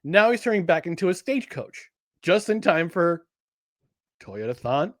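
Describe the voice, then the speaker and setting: Animated, joking sports podcast man. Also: high voice, normal speed, no echo, clean studio sound. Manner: animated, jokey, frequent restarts. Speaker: podcast co-host. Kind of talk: casual sports chat.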